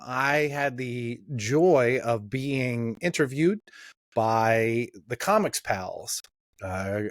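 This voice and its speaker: A man's voice: medium pitch, no room sound. A man opens his weekly podcast in an easygoing, chatty way. His voice sits in an ordinary middle range. The sound is dry and close, with no room around it. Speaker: podcast host. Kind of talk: casual show intro.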